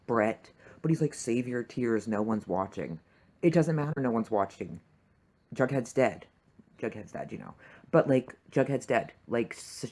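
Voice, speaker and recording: Heated, profane young fan ranting. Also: mid-range voice. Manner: profane, heated, full of fillers. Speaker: TV fan reviewer. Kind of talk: reaction rant.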